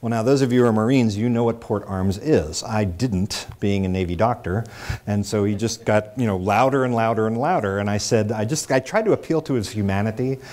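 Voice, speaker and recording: A man's voice: lowish voice, a little fast, a little mellow. A middle-aged man telling a personal story in a public talk, with wry, self-deprecating humor. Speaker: speaker.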